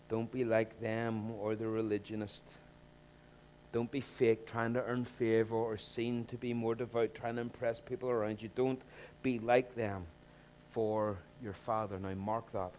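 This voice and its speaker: A man preaching a sermon, talking in an animated way and rising to loud emphatic bursts when he acts out scenes. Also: lowish voice, a little hiss or hum. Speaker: pastor.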